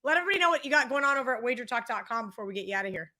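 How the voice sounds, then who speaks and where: A woman with a high, animated voice hosts a sports betting show. She talks fast and upbeat, and her tone is bright and forward. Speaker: show host. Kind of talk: casual chat.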